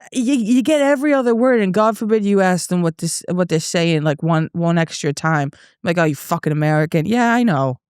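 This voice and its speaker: In clean studio sound with no room tone, a young Boston woman with a mid-range, clean voice and a Boston accent drinks beer on her solo podcast. As a comedian host, she rambles through profane, tipsy anecdotes in a casual rant, constantly restarting sentences.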